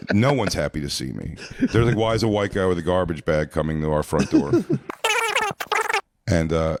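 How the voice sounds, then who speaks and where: A man telling a rambling, filler-filled comedic story on a podcast. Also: sits low.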